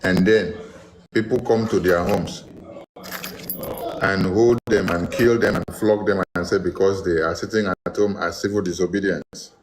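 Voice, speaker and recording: A man's voice: low-pitched, steady tone, moderate pace, noisy background. A man with a Nigerian accent giving mocking political commentary and slipping into Pidgin. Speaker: online commentator.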